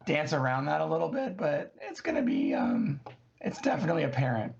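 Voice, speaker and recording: A man's voice: on the high side, huge pitch swings, fairly quick, creaky, a little mellow. Man with a strained voice, dull lo-fi sound. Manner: hesitant, repeats himself. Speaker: player. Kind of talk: casual tabletop play.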